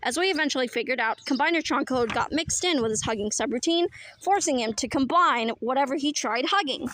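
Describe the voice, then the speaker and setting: A woman voicing an eager inventor scientist who explains things briskly, in a children's book read-aloud. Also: a little high, bright, forceful tone, slight background noise.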